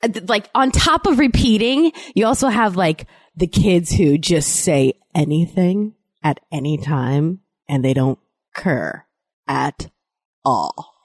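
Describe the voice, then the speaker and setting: Brief: woman, 30s, casual podcast co-host, very lively pitch, dry close sound. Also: slow, slightly rough, no room sound. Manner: animated storyteller, jumps in pitch when exclaiming. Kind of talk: casual chat.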